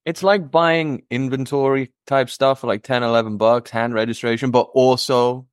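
A relaxed man answering as a guest on a video call, mostly in short replies. His voice is mid-pitched and the sound is dry. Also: moderate pace, clear, resonant tone, no echo. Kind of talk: casual chat.

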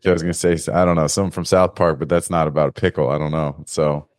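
A man's voice: a bass voice, fairly even intonation, quick pace, a little mellow, no room sound. A man hosting a casual video-call show, joking loosely with slang and lots of fillers. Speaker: podcast host. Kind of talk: casual chat. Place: Florida.

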